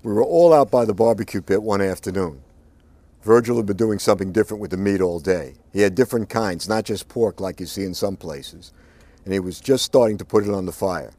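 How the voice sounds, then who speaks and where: Low-voiced male storyteller, dry sound. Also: a little fast, warm tone, no echo. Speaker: audiobook narrator. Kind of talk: first-person story narration.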